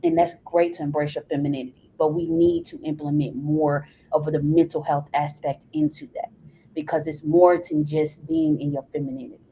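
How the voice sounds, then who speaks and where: A woman's voice: sits low, level tone, normal speed, dark tone, a little hiss or hum, low-quality recording. A woman guest on a podcast, talking earnestly and giving advice in casual conversation.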